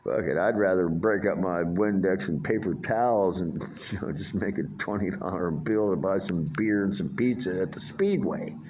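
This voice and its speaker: A man's voice: low voice, moderate pace, darkish tone, slight background noise. An older man talks in a rambling, profane vlog monologue, full of fillers and restarts. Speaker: vlogger.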